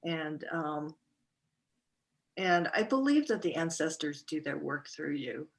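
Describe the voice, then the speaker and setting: Woman telling a story with halting fillers. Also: low voice, sing-song. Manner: halting, many fillers and restarts. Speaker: guest. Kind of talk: storytelling in a podcast interview.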